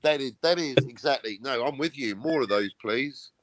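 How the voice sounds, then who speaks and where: A man's voice: medium pitch, moderate pace, a little hiss or hum. A man hosting a casual livestream chat, riffing jokes and swearing freely. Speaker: host.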